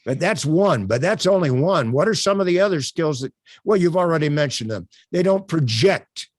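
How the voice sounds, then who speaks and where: Animated man teaching a webcam workshop. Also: a little high, normal speed, no room sound, studio quality. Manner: animated, emphatic, with frequent uh fillers. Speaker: workshop instructor. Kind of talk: live online workshop teaching.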